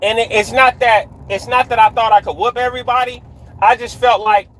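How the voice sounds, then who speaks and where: Driving a dark road at night, a man streams live from his car with a very high-pitched, fairly bright voice that stays fairly even and moves a little fast. He spins a story in street slang, keeps asking "right?", and says hello to viewers partway through; the recording is rough.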